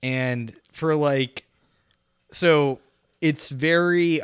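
A man co-hosting a podcast in casual chat, rambling and animated, peppering his speech with "like" and swearing. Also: on the high side, very slow, clear, resonant tone, dry recording, studio quality. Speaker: podcast co-host. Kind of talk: casual film-discussion chat.

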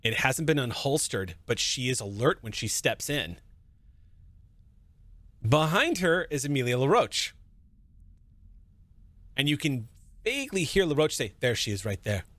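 A man's voice: medium pitch, animated, unhurried, pauses often, fairly bright tone, no room sound. A man narrating a tabletop horror game as game master, describing the scene steadily.

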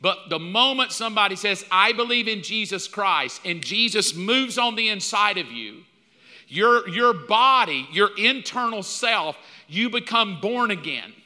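A man in his fifties preaching a sermon, telling stories with animated, mock-outraged outbursts. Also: high-pitched, unhurried, long reverb tail. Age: 50s. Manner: animated storytelling, jumps up loud in mock outrage. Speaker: pastor.

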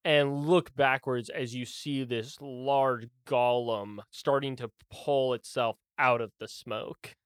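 A man's voice: medium pitch, fairly even intonation, smooth, no echo, clean studio sound. Laughing young man running a tabletop game. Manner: quick, laughing, loose narration. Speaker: game master.

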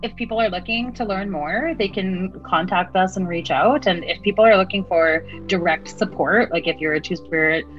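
A woman, a guest in an interview, speaking earnestly with many pauses and fillers. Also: lowish voice. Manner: earnest, many ums and uhs. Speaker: interview guest, Two-Spirit community worker. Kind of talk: heartfelt interview answers. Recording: dull, lo-fi sound with faint music.

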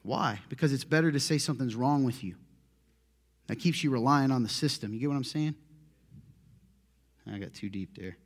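A man preaching a conversational sermon as a pastor, telling stories in a lively, self-deprecating way and often laughing. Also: medium pitch, moderate pace, pauses often.

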